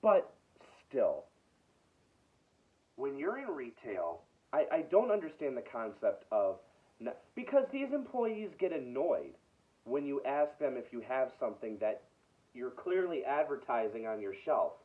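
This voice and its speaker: Man, casual rant, exasperated, mid pitch, tinny lo-fi recording. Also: very animated, measured pace. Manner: exasperated, repeats himself. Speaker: video host. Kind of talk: casual ranting story. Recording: tinny phone-like sound.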